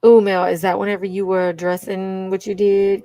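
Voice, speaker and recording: A woman's voice: mid-range voice, level tone, normal speed, few pauses, warm tone, no room sound. A woman with a Cajun accent chatting casually with viewers on a livestream, laughing often and calling them y'all. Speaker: livestream host. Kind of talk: casual live chat with viewers.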